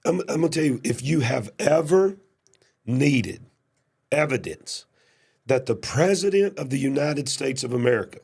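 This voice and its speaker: Male host, raspy and gravelly, emphatic commentary, nursing a cough. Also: mid-range voice, lively intonation, moderate pace. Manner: emphatic, builds to shouted questions. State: coughing, cough drops in mouth. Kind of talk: casual political commentary.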